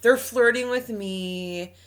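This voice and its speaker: A woman's voice: fairly high pitch, takes it slowly. A woman co-hosting an advice podcast in casual chat, talking emphatically with trailing restarts and acted-out quotes. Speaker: podcast co-host.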